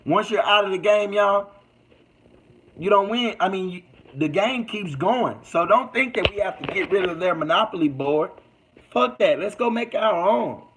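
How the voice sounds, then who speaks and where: A man's voice: sits high, lively intonation, moderate pace, a bit bright, slight background noise, rough recording. A man hosting a casual livestream, reading out comments and preaching in a loose, slangy way. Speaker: livestream host.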